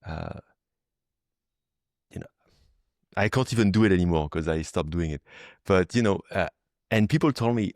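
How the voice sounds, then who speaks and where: Deep-voiced French-accented male host. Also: moderate pace, pauses often, a little mellow, no echo, studio quality. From France. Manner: chatty, many fillers and restarts. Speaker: podcast host. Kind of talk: casual interview chat. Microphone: video call.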